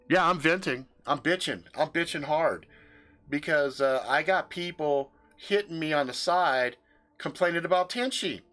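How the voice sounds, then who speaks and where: A man's voice: fairly high pitch, fairly bright tone. A man venting on his livestream in a room full of his gear, casual and profane, with emphatic swearing. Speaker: livestream host.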